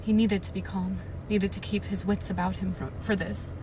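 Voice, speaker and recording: A woman on a live stream, reading a novel aloud and breaking into loud, panicked reactions and swearing, from inside a car. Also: mid-range voice, level tone, normal speed, background noise.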